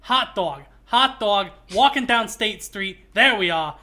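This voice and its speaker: A streamer voicing a loud man with a thick Chicago accent who brags about where he is from. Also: medium pitch, big pitch swings, takes it slowly, heavily acted. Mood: boastful. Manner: boastful, loud, rambling about pizza.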